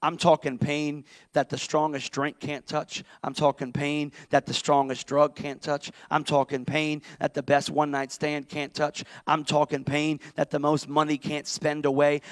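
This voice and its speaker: A middle-aged male pastor preaching an impassioned sermon, swinging from shouts down to near-whispers. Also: fairly high pitch, level tone, moderate pace, few pauses, no room sound.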